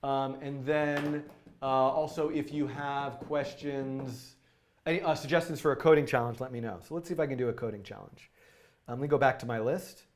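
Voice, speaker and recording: A man hosting a live-stream coding tutorial, talking in an excitable, rambling way full of fillers and restarts. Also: mid-range voice, normal speed, a little hiss or hum. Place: indoor studio.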